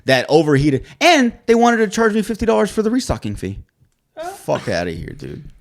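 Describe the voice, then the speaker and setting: His high voice swoops wildly in pitch, moving fairly quickly with vocal fry, while crowd noise sits in the background. He's a podcast co-host venting a frustrating story, cursing a lot and acting out both people's lines.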